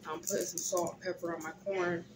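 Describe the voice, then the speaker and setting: A groggy, tired young woman, casually chatting in a vlog from a hospital room, often clearing her throat. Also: on the low side, level tone, brisk, background noise. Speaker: vlogger. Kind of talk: casual vlog chat while eating.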